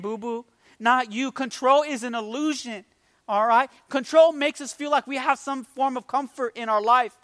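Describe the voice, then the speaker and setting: A man's voice: very high voice, pushed and bright, no room sound. A man preaching an emotional, conversational sermon, rising with emphasis. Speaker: pastor.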